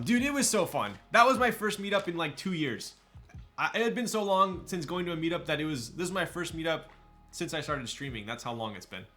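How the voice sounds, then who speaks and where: A man's voice: a little high, bright, forceful tone. A man chatting casually on a live stream, hyped up, thanking viewers and laughing often while building a keyboard.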